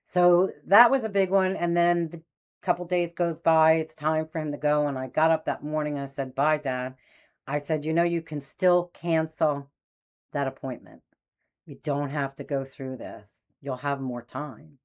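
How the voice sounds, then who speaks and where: A woman in her sixties, a spiritual medium host, telling personal stories in a lively way and acting out the voices of the people in them. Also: deep voice, normal speed. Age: 60s. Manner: animated, acts out quoted voices. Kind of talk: personal storytelling.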